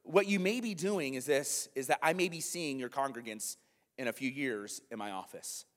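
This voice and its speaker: A male pastor preaching a conversational sermon to his congregation, animated, with frequent asides to the room. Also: medium pitch, normal speed. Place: church hall, live congregation. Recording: long hall reverb.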